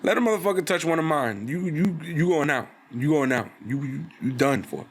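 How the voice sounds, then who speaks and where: Male co-host, fairly high, very lively pitch, slangy profane banter with stammered restarts. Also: fairly quick, breathy edge. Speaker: podcast co-host. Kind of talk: casual wrestling recap banter.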